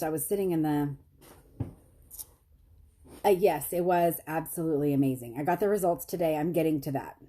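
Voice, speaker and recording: Chatty low-voiced woman vlogger. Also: mellow. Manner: chatty, self-deprecating, laughs often, quotes others in high voices. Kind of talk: casual storytelling to viewers.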